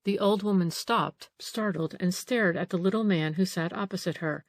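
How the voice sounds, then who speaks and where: Low-voiced woman narrating an audiobook. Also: moderate pace, no room sound. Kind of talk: scripted narration.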